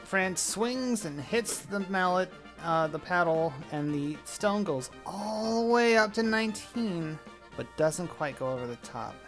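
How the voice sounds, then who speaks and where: A man narrating as game master of a tabletop game in a relaxed way, with fillers. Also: sits high, measured pace, soft background music.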